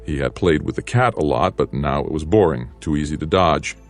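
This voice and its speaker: Very deep-voiced man narrating an audiobook. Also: brisk, soft background music.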